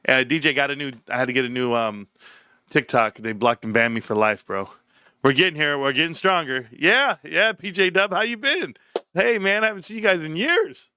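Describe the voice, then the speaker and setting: A man chats excitedly on his live stream, in a bright voice that sits a little high. The sound is dry and close, with no room echo. He swears casually and talks in an animated, buzzing way. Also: normal speed, clear, resonant tone. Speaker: livestream host. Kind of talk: casual livestream chat.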